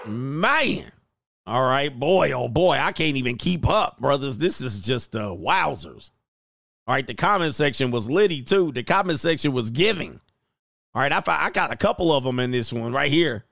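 A man doing casual reaction commentary as a YouTube commentator, slangy and prone to loud exclamations. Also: medium pitch, animated, moderate pace, gravelly, no echo, studio quality.

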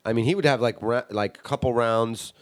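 A man's voice: medium pitch, brisk, dry recording, clean studio sound. A man, a podcast guest reminiscing in rambling, profane casual chat.

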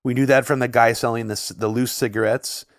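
A man co-hosting a podcast, talking in long casual runs full of "like" fillers and getting animated when something shocks him. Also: mid-range voice, a little fast, dry recording. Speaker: podcast co-host. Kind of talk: casual conversational podcast chat.

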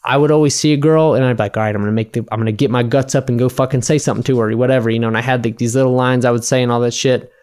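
A man's voice: medium pitch, steady tone, very fast, few pauses, darkish tone, clear, resonant tone. Man, casual drunken chat, profane, rambling, resonant voice. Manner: rambling, profane storyteller acting out bar dialogue.

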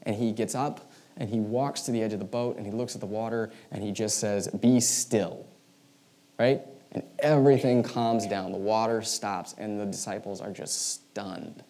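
Animated casual male preacher, warm low voice. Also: normal speed. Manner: animated storytelling, acting out quoted voices; casual, many fillers like "like" and "right". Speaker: pastor. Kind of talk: sermon.

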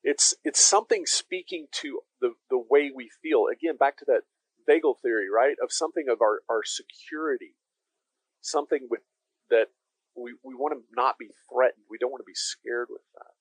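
A man's voice: medium pitch, moderate pace, no echo, low-quality recording. A man preaching a conversational sermon as pastor, emphatic and speaking directly to his listeners.

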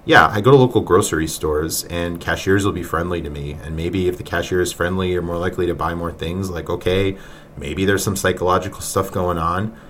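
Male podcast host, deepish voice, mocking and exasperated, faint noise behind. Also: fairly even intonation, fairly quick, fairly bright tone. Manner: mocking, exasperated, laughs often. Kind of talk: reaction commentary podcast.

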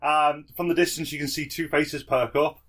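A man's voice: fairly high pitch, fairly even intonation, normal speed, a bit bright. A man acting as game master, narrating a tabletop game and muttering through dice rolls and rules aloud.

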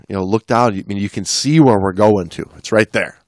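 A man's voice: lowish voice, brisk, no room sound, clean studio sound. A man co-hosting a podcast as a dive instructor, talking casually and rambling with many restarts. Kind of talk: casual chat.

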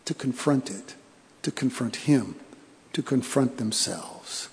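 A man pastor delivering a sermon in a church, telling stories with pauses for emphasis and repeated phrases. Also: fairly high pitch, expressive. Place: church sanctuary. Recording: long church reverb.

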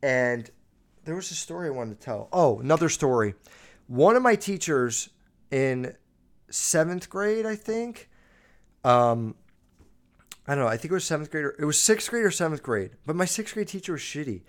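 A man's voice: a little high, big pitch swings, normal speed. Rambling, foul-mouthed young man. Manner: crude, rambling, swears constantly. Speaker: podcast host. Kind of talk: casual storytelling monologue.

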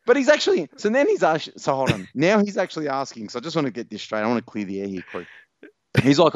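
A man's voice: mid-range voice, big pitch swings, quick pace, dry recording, highs cut off. An Australian man co-hosting a podcast, ranting profanely and mocking a listener in crude sports banter. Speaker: podcast co-host. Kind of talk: crude fantasy football banter.

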